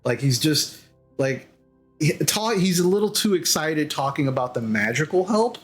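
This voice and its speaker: A man narrating as game master in a tabletop game, halting and repeating words as he goes. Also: on the high side, expressive, faint music behind.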